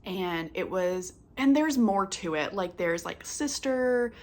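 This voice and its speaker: A woman's voice: medium pitch, lively intonation, slow pace, darkish tone. A young woman hosting a cross-stitch vlog, chatting casually and filling her sentences with "like" and "um". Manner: chatty, lots of "like" and "um" fillers. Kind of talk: casual chat.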